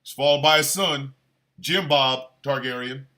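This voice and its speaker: A man hosting a show, delivering a crude comedic rant with exaggerated, animated bursts of shouting. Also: mid-range voice, unhurried. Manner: crude, playful. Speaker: show host.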